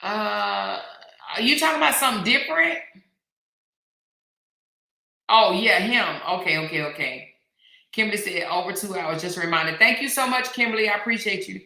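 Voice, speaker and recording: A woman's voice: medium pitch, brisk, creaky, sharp tone, roomy sound. A middle-aged woman hosting a casual live stream, chatty and slangy, reading viewer comments aloud. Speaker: host.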